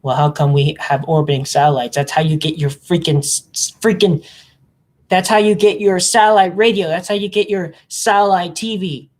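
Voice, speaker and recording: A vlogger talking in a casual, rambling monologue, hopping between topics, the voice jumping up in pitch when excited. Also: moderate pace. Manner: mimics other people in silly voices.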